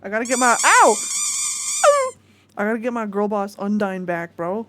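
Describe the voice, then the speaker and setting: A woman streaming a game live, excitable and giggly as she chats with viewers and greets them. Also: mid-range voice, quick pace. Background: game music.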